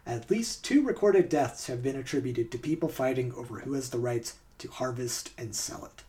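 A man's voice: medium pitch, normal speed, mellow. A man hosting a podcast, reading out trivia facts in a quiz game and then chatting casually about the answers. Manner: reads facts aloud, then chats casually. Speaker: podcast host.

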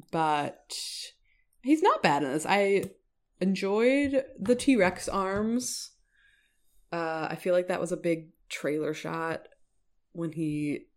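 A woman co-hosting a podcast, chatting casually and with amusement about a film. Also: mid-range voice. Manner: slow, lively, amused. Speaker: podcast co-host.

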